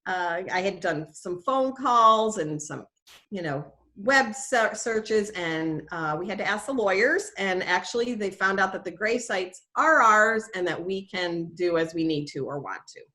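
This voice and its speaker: A woman's voice: mid-range voice, animated, a little slow, pushed and bright. A middle-aged woman, a nature preserve educator, telling a story in a casual, chatty way, with plenty of fillers and self-corrections.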